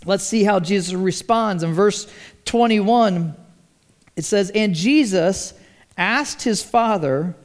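A man's voice: sits high, takes it slowly. A man preaching a conversational sermon as pastor, often restarting words and asking the congregation questions.

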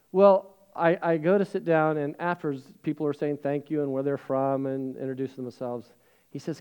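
This is a middle-aged man, a pastor, recounting a personal anecdote during a sermon with plenty of fillers and a chatty, self-mocking tone. For the weighty parts he drops to a hush. His voice is a little high and his pace is normal.

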